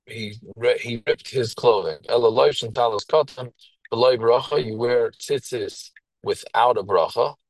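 A man's voice: medium pitch, measured pace, poor audio. A man with a who teaches a text line by line, each phrase and then explaining it in plain English. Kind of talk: reading and translating a Hebrew text line by line.

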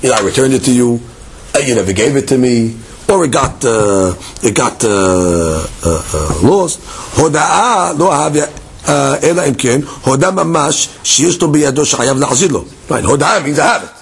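A man teaching a Talmud class, moving between quick Hebrew text reading and explanation while acting out the claims in a case. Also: medium pitch, creaky, husky. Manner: lively, leaps between English and Hebrew text reading, acts out case dialogues.

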